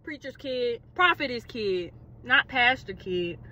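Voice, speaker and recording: A young woman vlogger telling a story in a casual, dramatic, animated way. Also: a little high, measured pace. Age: young adult.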